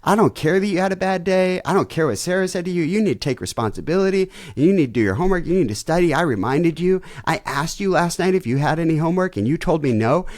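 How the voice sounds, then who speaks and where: Guy acting out a fed-up dad lecturing, pitched way up and loud, dry sound. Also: expressive, fast, hardly any pauses, no room sound, close to an everyday voice. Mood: scolding. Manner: scolding, raised and strained. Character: exasperated lecturing middle-aged father.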